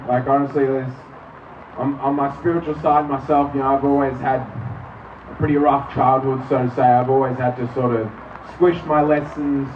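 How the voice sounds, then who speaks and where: A young Australian man giving an earnest, nervous, halting protest speech outdoors. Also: medium pitch, level tone. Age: young adult. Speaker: rally speaker. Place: outdoor street rally in rain. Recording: distant muffled mic, loud crowd and noise.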